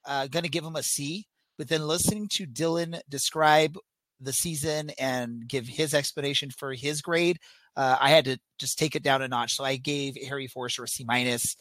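A man's voice: medium pitch, a bit bright, no room sound. A man hosting a casual sports podcast over an online call, easygoing and hesitant with many ums. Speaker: podcast host. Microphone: computer mic on an online call.

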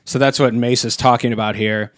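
A man talking casually on a podcast, circling back and restarting his sentences with plenty of fillers. His voice sits at an ordinary pitch for a man. The close mic gives a dry, dead sound. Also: fairly even intonation, brisk, no room sound. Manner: rambling, many fillers and restarts. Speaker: podcast co-host. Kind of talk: casual chat.

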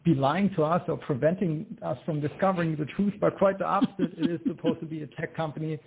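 A man's voice: on the high side, steady tone, quick pace, vocal fry, slight background noise. A man from Germany with a German accent, an inventor being interviewed, speaking upbeat and enthusiastic. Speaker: guest, inventor. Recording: tinny phone-like line.

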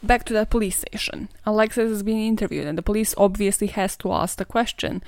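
Gravelly-voiced woman telling true crime. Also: mid-range voice, steady tone, fairly quick, darkish tone, no room sound, studio quality. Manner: profane, sarcastic, laughs often. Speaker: podcast host. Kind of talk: casual true-crime storytelling.

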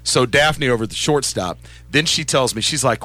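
A man co-hosting a sports radio show, chatting casually in an animated, self-deprecating way. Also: medium pitch, moderate pace, dry recording.

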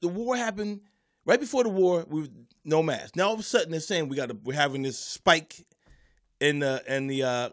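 A stand-up comedian, a man with a fairly high voice, tells a story in casual chat. He acts out the people and noises in it with lively energy. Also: a little fast.

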